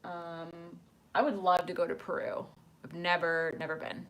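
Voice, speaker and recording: A woman's voice: fairly low pitch, little pitch movement, normal speed, fairly bright tone. A woman hosting a casual livestream from her apartment, chatting with viewers and reading their comments aloud with lots of ums. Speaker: livestream host.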